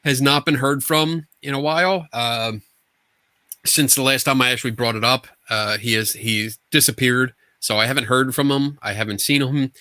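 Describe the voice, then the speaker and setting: A man's voice: mid-range voice, normal speed, no echo. A man co-hosting a podcast in casual chat, talking in a hesitant way with frequent ums and uhs. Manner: animated, filler-heavy, hesitant. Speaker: podcast co-host.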